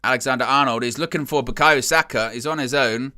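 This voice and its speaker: Male watchalong commentator, bright edge, casual and wry, loud bursts at chances. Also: mid-range voice, fast. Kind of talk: casual live match commentary.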